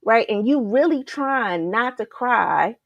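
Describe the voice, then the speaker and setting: A woman coaching a group in a lively motivational talk, full of rhetorical questions and repeated calls to "you guys.". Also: fairly high pitch, slow, creaky, no echo, lo-fi sound. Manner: energetic, repetitive, rhetorical questions, keeps saying "you guys".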